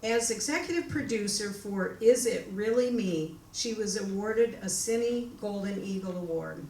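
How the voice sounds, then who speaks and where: A woman's voice: medium pitch, unhurried, darkish tone, slight background noise. Woman reading a formal intro for a speaker, sounds distant and roomy. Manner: formal, reads from a prepared text. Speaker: event host introducing the speaker. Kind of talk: read introduction. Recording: echoey room from far off.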